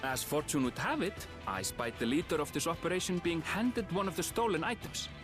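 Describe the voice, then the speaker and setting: A man voicing a calm frontier investigator in a video game, explaining things in a measured way. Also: a little high, lightly acted. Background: game music.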